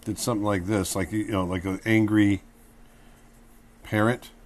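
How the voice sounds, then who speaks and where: Sketching as he teaches, a middle-aged man gives a casual, relaxed drawing lesson in a lowish voice at normal speed. Now and then he acts out, in quick bursts, the emotions he's putting on the page.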